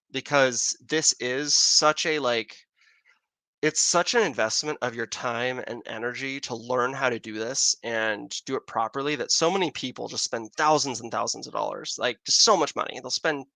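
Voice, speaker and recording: A man's voice: medium pitch, moderate pace, gravelly, bright, forceful tone, no room sound. An American man hosting a casual astronomy livestream, rambling as he answers viewer questions. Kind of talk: casual live-stream chat. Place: outdoors in Arizona with a telescope.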